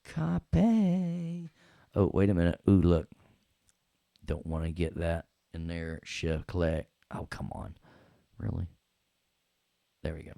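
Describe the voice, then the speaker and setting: A man's voice: sits low, little pitch movement, a little slow, creaky, pauses often, mellow, dry recording, studio quality. A middle-aged man with a New York accent teaching an audio workstation lesson, joking around and scatting along with the music. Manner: playful, jokey, scats and hums along to the music. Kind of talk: casual screen-recorded lesson.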